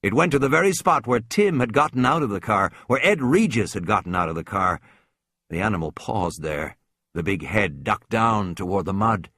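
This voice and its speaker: Man narrating with lively, tense expression. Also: on the low side, no echo, clean studio sound. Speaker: audiobook narrator. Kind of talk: dramatic audiobook narration.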